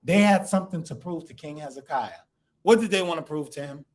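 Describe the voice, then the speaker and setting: Teaching a congregation through a scripture lesson, a man speaks briskly in a slightly high voice. He quizzes the class with questions and plays out the characters from the passage.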